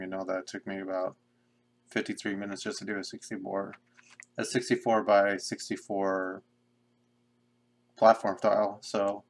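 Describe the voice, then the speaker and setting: A young man casually talking to himself in a flat monotone while drawing pixel art on a live stream. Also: on the low side, creaky. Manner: mumbling to himself, self-described monotone. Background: keyboard typing and clicking.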